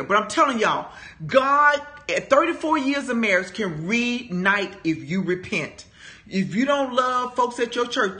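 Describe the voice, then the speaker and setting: A woman in her fifties shares a personal testimony during a Bible study. Her voice is bright and forceful, and her storytelling is animated and emphatic, as if she is talking right to a room of friends. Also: medium pitch. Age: 50s. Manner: animated, emphatic storytelling, addressing listeners as "y'all".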